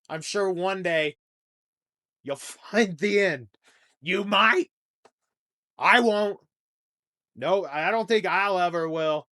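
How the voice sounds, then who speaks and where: Young male podcast host, slightly raised pitch, rambling crude comic rant, jumps from shouting to muttering. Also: slow pace, pauses often. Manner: rambling, crude, swings between loud outbursts and mumbling. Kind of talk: comedic monologue rant.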